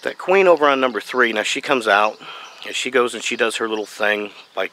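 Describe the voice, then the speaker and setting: A man giving a folksy, animated how-to explanation as a beekeeping vlogger, outdoors. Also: medium pitch, fairly quick, slight background noise. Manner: folksy, animated, playful asides. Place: outdoors by a tree and truck.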